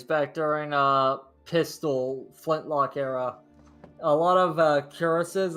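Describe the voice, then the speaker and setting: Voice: medium pitch, a bit bright. Chatty, jokey gaming co-host. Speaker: game co-host. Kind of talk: casual gaming chat.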